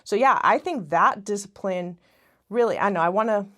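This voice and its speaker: A woman guest on a casual podcast talks at a moderate pace in a mid-range voice that's a bit bright. She rambles, interrupts herself, and frequently restarts her sentences midway.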